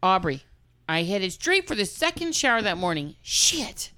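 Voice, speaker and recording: A woman's voice: mid-range voice, big pitch swings, brisk, pushed and bright. A woman co-hosting a podcast, reading a listener's story aloud and chatting frankly with lots of swearing. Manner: frank, profane, laughing. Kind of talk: casual comedic chat and story reading.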